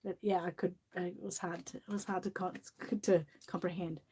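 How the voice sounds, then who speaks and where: A woman's voice: lowish voice, steady tone, moderate pace, mellow, breathy edge. A woman with an Australian accent, chatting casually with lots of laughter and reading a children's picture book aloud. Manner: giggly, chatty, often laughing. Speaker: channel host. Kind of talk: casual chat and storybook reading.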